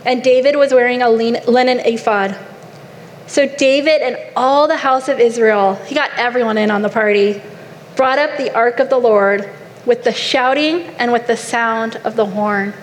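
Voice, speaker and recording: A woman's voice: a little high, normal speed. A woman preacher giving an earnest, exhorting sermon to a women's gathering in a large hall. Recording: long hall reverb, faint noise.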